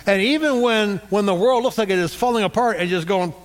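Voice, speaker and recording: A man's voice: high voice, a little fast. A middle-aged male pastor preaching a sermon, leading the congregation in call-and-response.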